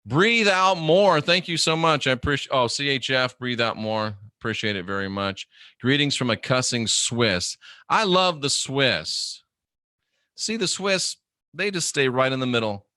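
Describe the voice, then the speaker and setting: A man's voice: medium pitch, animated, normal speed, pushed and bright, dry recording, clean studio sound. Profane, joking man hosting a live chat. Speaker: livestream host reading chat.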